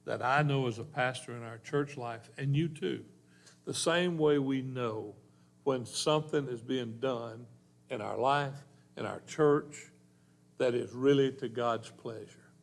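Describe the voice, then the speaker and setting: A man preaches a sermon in a church. His delivery is earnest and homespun, full of country expressions, and his voice sits at an ordinary middle pitch. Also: a little slow, creaky. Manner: folksy, earnest preaching with rural turns of phrase. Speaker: pastor.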